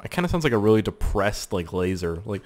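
A young Canadian man, a gaming YouTuber, gives crude, joking gameplay commentary packed with swearing and lively outbursts. His voice sits lowish and he talks fast, with a little hiss or hum in the recording.

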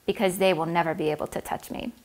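A woman's voice: lowish voice, steady tone, quick pace, lightly acted, rough recording. A woman voicing an arrogant demon lord. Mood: smug.

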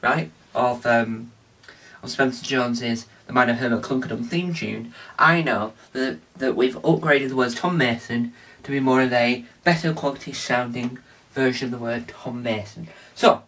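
A man hosts a casual how-to vlog, talking in a loose, rambling way full of fillers and false starts. His voice sits at an ordinary pitch and sounds a little distant from the mic. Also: moderate pace, fairly bright tone. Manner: rambling, with many fillers and restarts. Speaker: video host.

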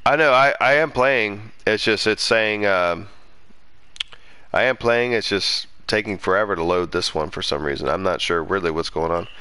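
A man streaming a game live, chatting casually, swearing freely and swinging between loud indignant rants and low muttering. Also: moderate pace, smooth, dry recording. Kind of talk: casual live gaming commentary.

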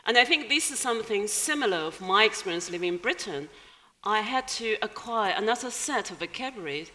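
A woman's voice: medium pitch, expressive, brisk, pushed and bright, a little hiss or hum. A woman from China with a Chinese accent, answering questions as a guest writer in an onstage interview, thoughtful and given to small laughs. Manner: thoughtful, laughs between phrases. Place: large hall at a live event. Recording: hall reverb from a live stage.

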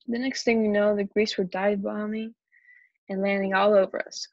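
A young adult woman reading a children's story aloud, giving the characters lively voices and shouts. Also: medium pitch, normal speed, gravelly, no room sound. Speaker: storybook reader. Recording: dry, dull lo-fi recording.

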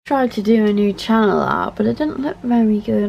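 Chatty mum vlogging at home. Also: female voice, medium pitch, normal speed, vocal fry, dull audio, slight background noise. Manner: chatty, scattered, talks to camera while doing chores. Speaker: vlogger, mother of four. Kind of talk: casual home vlog. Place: family house, indoors.

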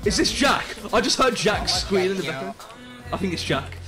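Excitable young English lad streaming a game. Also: male voice, high voice, moderate pace. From England. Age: young adult. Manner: excitable, swears, shouts and laughs at the game, chats to viewers. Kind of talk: live gaming commentary. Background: game music.

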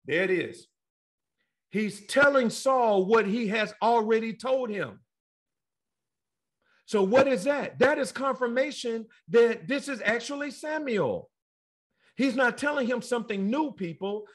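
High-voiced, excitable male Bible teacher. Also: a little slow. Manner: excitable, exclaiming, addressing listeners directly.

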